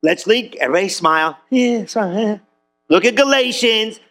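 High bright casual preacher man. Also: expressive, normal speed, soft background music. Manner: casual, joking, talks straight to the congregation. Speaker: pastor. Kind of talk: sermon. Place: church.

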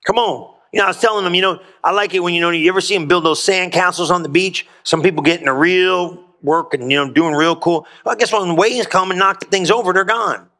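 A man delivers an energetic sermon, his voice pitched high and ringing with a forceful brightness. He preaches in a folksy, colloquial way and keeps urging the room to answer back. It sounds like a pastor at the pulpit of a church. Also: quick pace, hardly any pauses. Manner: energetic, rousing call-and-response preaching.

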